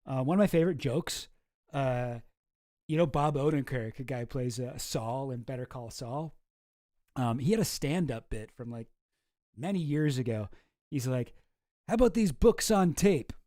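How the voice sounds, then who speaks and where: A man's voice: medium pitch, normal speed, dark tone, no echo, clean studio sound. A man chatting casually on a livestream in a rambling, offhand way that often trails off. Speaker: streamer and video creator.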